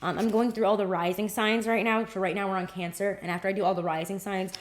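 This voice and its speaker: A woman's voice: mid-range voice, little pitch movement, fast, slight background noise. A woman giving a casual livestream tarot reading, chatty and rambling, with casual swearing.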